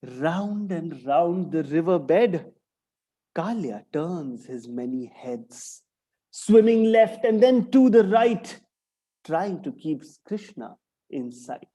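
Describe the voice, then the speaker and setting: A man telling a story to young children, expressive and full of sound effects. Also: on the high side, slow.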